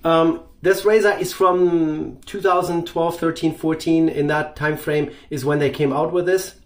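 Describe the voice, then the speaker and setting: A man's voice: fairly high pitch, steady tone, unhurried. A man hosting a shaving channel, talking through his gear in a loose, rambling way with many fillers. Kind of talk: casual product review.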